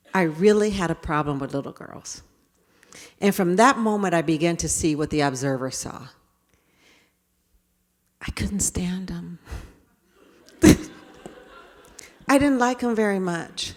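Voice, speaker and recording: A woman speaker telling stories to an audience in an animated way, acting out scenes. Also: medium pitch, takes it slowly, long pauses. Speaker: keynote speaker. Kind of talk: storytelling talk to an audience. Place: event hall. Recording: reverberant hall.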